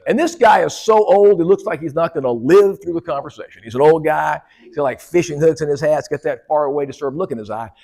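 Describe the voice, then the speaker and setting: A man's voice: a little high, fast talker, creaky, darkish tone. A man giving a humorous keynote speech at a conference, joking with and teasing the audience. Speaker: keynote speaker. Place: conference hall.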